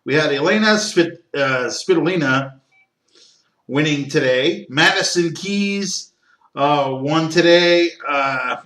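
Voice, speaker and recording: A man hosting a solo sports talk podcast, opinionated and given to rants, with frequent fillers and throat-clearing. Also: on the high side, slow pace, fairly bright tone, reverberant. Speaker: podcast host.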